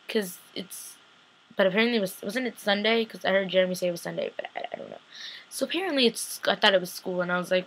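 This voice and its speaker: A young woman chatting through a casual episode recap, excitable and dramatic as she rants like a fan. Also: mid-range voice, fast talker, husky. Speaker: fan vlogger reviewing a TV episode.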